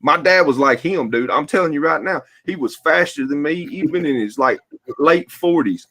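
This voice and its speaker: A man's voice: fairly high pitch, animated, normal speed, sharp tone, no echo. Male co-host, 30s, emphatic storyteller, casual barbershop banter. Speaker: podcast co-host.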